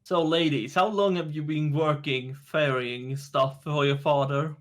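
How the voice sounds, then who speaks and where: A man playing a tabletop game, chatting casually with quick interjections. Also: fairly high pitch, steady tone. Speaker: player.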